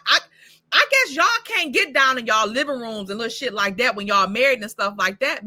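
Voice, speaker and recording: Animated, bright-voiced woman recapping shows. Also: fairly high pitch, normal speed. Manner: profane, animated, talks back to the characters. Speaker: host of a TV recap channel. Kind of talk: casual reaction review.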